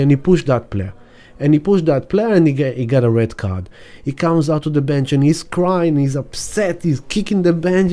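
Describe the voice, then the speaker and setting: A man giving a casual weekly astrology talk in a reflective, halting way, with fillers and restarts. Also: on the high side, animated, mellow. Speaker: astrologer and sound healer.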